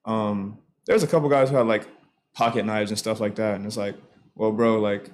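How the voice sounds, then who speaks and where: A man's voice: lowish voice, steady tone, normal speed. Young man, podcast co-host, laid-back, filler-heavy chat, slight background noise. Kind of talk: casual chat, storytelling.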